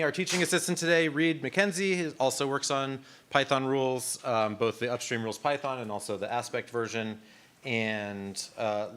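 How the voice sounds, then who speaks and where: Bright-voiced man teaching a workshop. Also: medium pitch. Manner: casual, lots of ums and restarts. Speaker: instructor. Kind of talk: live technical workshop talk. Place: conference room.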